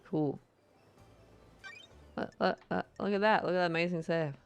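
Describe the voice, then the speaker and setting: A woman's voice: on the low side, moderate pace, smooth, faint music behind. A woman streaming a game, giving casual, sarcastic and playful commentary that mocks the game.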